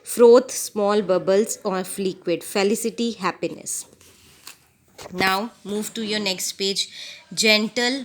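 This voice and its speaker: A woman's voice: medium pitch, bright, forceful tone. A woman teacher with an Indian English accent reads a vocabulary list word by word, giving short definitions and slipping into Hindi to explain. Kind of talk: reading vocabulary lesson aloud.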